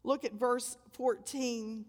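An older woman preaching a sermon, telling the story dramatically and with emphasis, swelling loud and dropping to a hush. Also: fairly high pitch, fairly even intonation, slow. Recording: long hall reverb.

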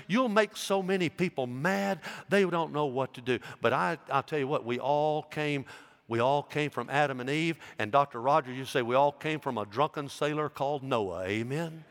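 A male pastor preaching a sermon with fervor, building loud and high on his emphatic points and dropping low and quiet for asides. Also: lively intonation, normal speed. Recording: long hall reverb.

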